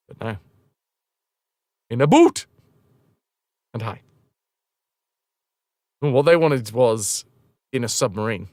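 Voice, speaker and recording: A man's voice: medium pitch, unhurried, long pauses, no echo, studio quality. A British man chatting casually on a game livestream from home, joking and swearing freely. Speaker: game streamer.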